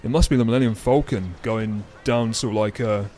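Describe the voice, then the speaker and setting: Rilassato co-conduttore, voce grave. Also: male voice, lowish voice, a little fast, dark tone, faint music behind. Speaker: co-host. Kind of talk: casual gaming chat.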